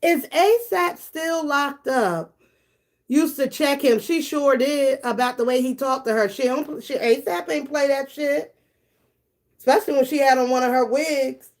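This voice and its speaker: A woman's voice: high voice, steady tone, normal speed, a little mellow. A woman hosting a live stream, reading her chat aloud and gossiping bluntly and profanely, laughing often and talking straight to her viewers. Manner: talks directly to her viewers. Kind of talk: casual live-stream commentary.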